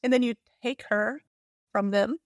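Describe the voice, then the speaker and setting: Earnest Southern woman, slightly high voice. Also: measured pace, no echo, clean studio sound. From Southern United States. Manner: earnest, emotional, candid. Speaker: podcast guest. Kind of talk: personal storytelling interview.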